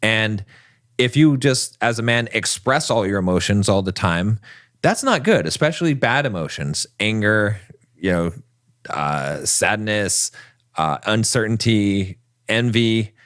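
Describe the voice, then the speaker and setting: A man's voice: lowish voice, lively intonation, unhurried, fairly bright tone, dry recording, clean studio sound. A man co-hosting a podcast, explaining his views in a lecturing way, with dramatic put-on voices for quotes. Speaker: podcast co-host. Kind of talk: casual podcast discussion.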